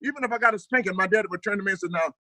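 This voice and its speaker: A man, a guest comedian, chatting casually on a video call and acting out family stories with animated delivery. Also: high-pitched, very fast, no echo. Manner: animated storyteller, mimics his dad. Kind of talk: casual chat.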